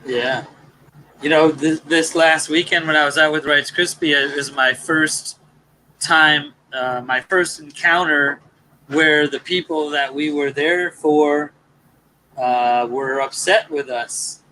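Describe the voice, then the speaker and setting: A man's voice: a little high, fairly even intonation, slow, bright, forceful tone, a little hiss or hum, rough recording. A man on a casual livestream chat, telling a story and cutting in to defend himself. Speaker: livestream co-host.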